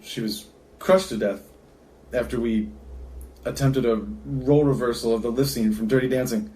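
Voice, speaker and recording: A man's voice: medium pitch, steady tone, normal speed, mellow, recorded from a distance, natural voice. A man playing a jittery paranoid guy. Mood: nervous.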